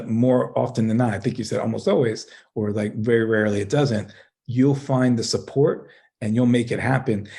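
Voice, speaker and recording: Middle-aged male guest, gravelly voice with a lot of fry, breaks into laughs as he talks. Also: mid-range voice, warm tone. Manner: laughs often while telling his story, many restarts. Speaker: guest, middle school teacher and life coach. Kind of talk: casual podcast conversation.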